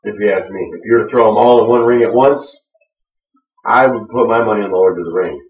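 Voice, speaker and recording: A man's voice: fairly low pitch, fast. A man co-hosting a web wrestling show, chatting casually with lots of fillers and restarts. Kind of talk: casual chat with hesitant fillers. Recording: echoey room, distant lo-fi mic.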